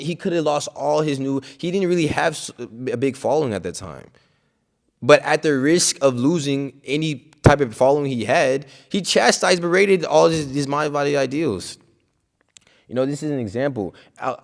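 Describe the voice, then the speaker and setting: A man with a middling pitch speaks at a scripture class, talking casually and leaning on "like" and "you know". He keeps his delivery emphatic and outspoken, pressing each point with conviction. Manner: conversational, full of "like" and "you know". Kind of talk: informal religious talk.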